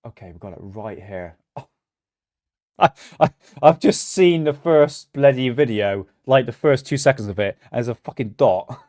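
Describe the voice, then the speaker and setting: A man's voice: medium pitch, expressive, normal speed, darkish tone, dry recording. A man hosting a casual livestream, talking bluntly and ranting, swearing freely. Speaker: livestream host.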